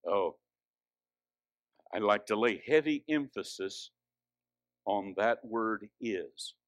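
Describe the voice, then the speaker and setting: A man preaching a sermon, swinging from hushed, drawn-out lines to loud, high exhortation. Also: lively intonation, no room sound, studio quality.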